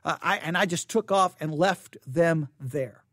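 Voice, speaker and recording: High-voiced candid preacher man, dry sound. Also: measured pace, a bit bright, dry recording. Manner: candid, self-correcting, repeats himself for emphasis. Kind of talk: sermon teaching with a personal story.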